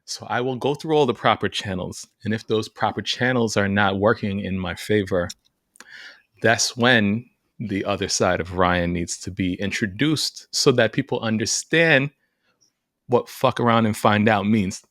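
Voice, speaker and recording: A man co-hosting a casual podcast chat, animated and emphatic, laughing often. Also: on the low side, a little slow, dry recording, clean studio sound. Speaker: podcast co-host.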